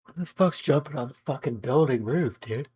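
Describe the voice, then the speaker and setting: A man's voice: medium pitch, normal speed, a little mellow, husky. A man chatting casually while gaming on a stream, swearing a lot and calling people dude. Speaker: gamer on a stream.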